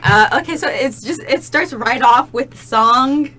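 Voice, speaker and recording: A woman's voice: high-pitched, measured pace, sharp tone. A young woman podcast host in wry, casual comedic chat. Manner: wry, joking.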